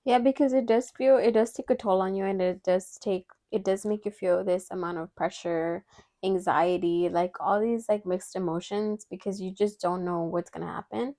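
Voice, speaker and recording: A woman's voice: mid-range voice, steady tone, normal speed, dark tone. Chatty young woman with a middle voice. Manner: chatty, sympathetic, lots of "like". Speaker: podcast co-host. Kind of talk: casual chat.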